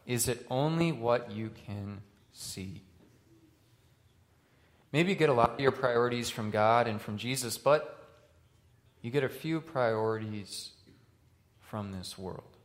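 A male pastor preaching a sermon, swinging from loud, rising questions to quiet, hushed lines. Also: medium pitch, slow, long pauses.

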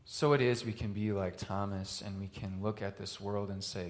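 A male pastor preaching a sermon, swinging from loud, rising questions to quiet, hushed lines. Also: fairly low pitch, steady tone, normal speed, few pauses.

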